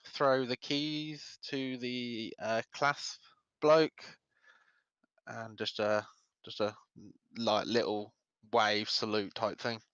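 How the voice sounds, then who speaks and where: Guy playing a tabletop game, umms a lot, smooth voice, dry dull sound. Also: medium pitch, fairly even intonation, slow, a bit bright, no room sound. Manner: hesitant, filler-heavy describing of actions. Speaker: player.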